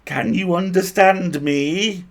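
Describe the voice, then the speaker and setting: A man voicing a kindly male elf healer in a put-on Welsh accent, speaking slowly and politely. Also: high voice, pitched above the performer's own voice. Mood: courteous. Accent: Welsh, put on badly. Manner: slow, careful, polite.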